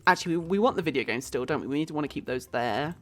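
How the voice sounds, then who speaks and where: A woman's voice: sits low, animated, racing, fairly bright tone. A British woman streaming a life-sim game, chatting casually, thinking aloud and greeting viewers in her chat. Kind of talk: casual gameplay commentary.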